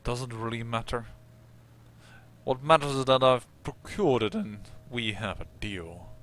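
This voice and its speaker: A curt, dismissive vampire protagonist in a video game. He keeps his answers short and flat, brushing questions aside. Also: medium pitch, unhurried. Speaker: player character.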